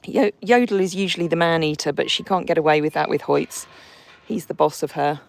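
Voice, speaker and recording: A woman's voice: sits low, fairly quick, gravelly. Woman chatting on horseback. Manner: chatty, coos and scolds the horses between comments. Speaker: horse sanctuary owner streaming live. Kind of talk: casual live stream chat, reading viewer comments. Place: outdoors, in a field on horseback.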